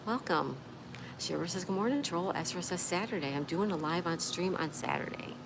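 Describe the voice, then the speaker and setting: A woman's voice: fairly low pitch, moderate pace, creaky. A woman hosting a casual livestream, reading viewer comments aloud and chatting back to them. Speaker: livestream host. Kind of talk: casual live-stream chat. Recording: steady background noise with passing traffic.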